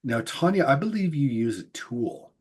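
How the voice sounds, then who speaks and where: A man's voice: mid-range voice, expressive, normal speed, breathy edge. A man presenting an online workshop over a video call with a headset, explaining earnestly with a few restarts.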